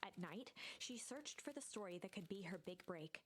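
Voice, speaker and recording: A woman's voice: medium pitch, lively intonation, moderate pace, fairly bright tone, a little hiss or hum. Woman narrating a storybook game.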